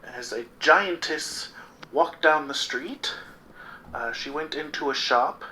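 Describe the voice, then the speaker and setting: A person improvising a fantasy tale, halting now and then to think. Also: mid-range voice, pushed and bright, slight background noise, low-quality recording. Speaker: storyteller in a party game. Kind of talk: casual improvised storytelling.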